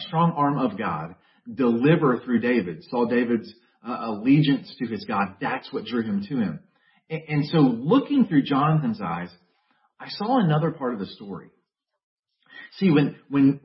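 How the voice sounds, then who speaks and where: A man preaching with lively, swooping intonation and playful asides to the congregation. His voice rings around a roomy hall. The sound is dull and slightly muffled. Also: medium pitch, recorded from a distance. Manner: animated storytelling, jokey asides. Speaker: pastor. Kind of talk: sermon.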